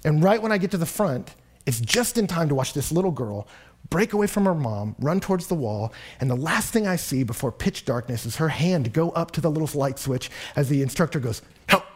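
Young male preacher from Texas, husky tone, lively storyteller. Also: a little high, fairly quick. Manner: animated storytelling, rising and louder in anecdotes. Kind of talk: sermon.

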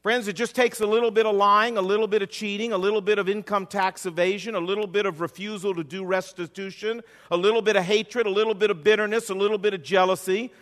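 Male preacher, high-ish voice, folksy rhythmic sermon, reverberant hall. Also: fairly bright tone. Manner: folksy storytelling, repetitive preaching cadence. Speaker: pastor.

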